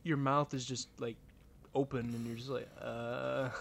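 A man's voice: mid-range voice, level tone, moderate pace, fairly bright tone, husky. A man with an ordinary mid-range voice chats on a podcast. He jokes around and strings his thoughts together loosely with plenty of fillers. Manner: loose, joking, filler-heavy. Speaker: podcast co-host. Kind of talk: casual chat.

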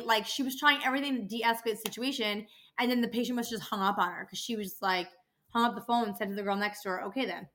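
Young woman venting on a podcast, swears a lot, bright voice. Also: mid-range voice, fast talker. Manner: ranting, swears freely, gets worked up. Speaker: podcast host, dental office worker. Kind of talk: casual monologue podcast.

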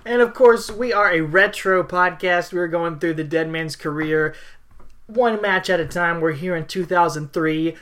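A woman's voice: fairly low pitch, measured pace, a bit bright. A woman hosting a podcast in casual chat, enthusiastic, wordy and playful. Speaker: podcast host.

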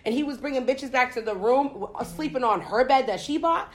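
A young woman from the United States telling a story in casual chat, profane and animated. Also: sits high, a little fast.

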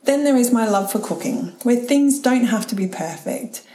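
Middle-aged woman, solo podcast host, candid and chatty, warm low-key tone, roomy echo. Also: lively intonation, moderate pace. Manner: candid, chatty, laughs often and swears casually. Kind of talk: reflective solo talk.

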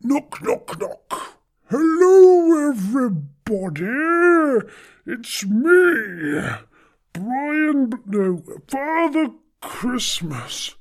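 A man's voice: very high-pitched, big pitch swings, extremely slow, heavily acted. A man voicing a jolly old Father Christmas who laughs heartily.

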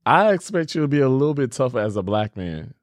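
A man hosting a casual podcast chat, telling stories in an animated way and often breaking into laughter. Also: mid-range voice, fast talker, no room sound, studio quality. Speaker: podcast host.

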